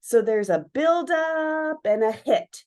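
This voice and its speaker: A woman's voice: high voice, expressive, slow pace, a little mellow. A middle-aged woman teaching an online dance lesson, explaining eagerly and voicing movement sounds to show the rhythm. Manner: enthusiastic, explanatory, acts out sounds like pow and sha-pa. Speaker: dance educator. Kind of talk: online lesson with screen share.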